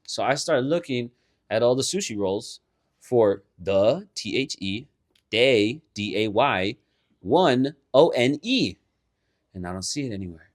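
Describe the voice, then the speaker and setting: A man's voice: mid-range voice, animated, measured pace. A man co-hosting a podcast in casual chat, laughing a lot, swearing and saying "bro" as he tells a story. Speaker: podcast co-host.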